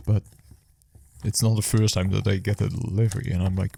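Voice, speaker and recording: A man's voice: on the low side, flat delivery, moderate pace, creaky, warm tone, breathy edge, no echo. A man who works as a food delivery rider, casually telling a story after his shift in a rambling, hesitant way full of fillers and restarts.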